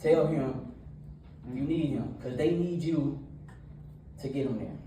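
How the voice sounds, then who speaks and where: A man in his thirties preaching a casual, animated storytelling sermon that is full of laughs, with a nervous edge. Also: medium pitch, takes it slowly, a little hiss or hum. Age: 30s. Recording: echoey room from a distance.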